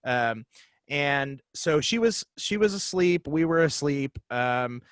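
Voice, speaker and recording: A man in his forties, a podcast guest, telling a story casually and haltingly with many fillers and restarts. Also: on the high side, animated, dry recording.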